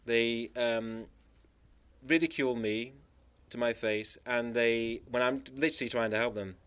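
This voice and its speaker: A man's voice: mid-range voice, steady tone, unhurried, fairly bright tone, smooth. A man from the Isle of Man telling travel stories in a rambling, emphatic monologue. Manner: rambling, emphatic storytelling with frequent restarts. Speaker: travel vlogger. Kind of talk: casual monologue.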